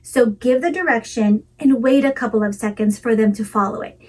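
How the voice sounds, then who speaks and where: Calm, melodic woman teaching parents. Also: fairly high pitch, fairly quick, recorded from a distance, poor audio. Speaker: parenting educator. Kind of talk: scripted instructional talk.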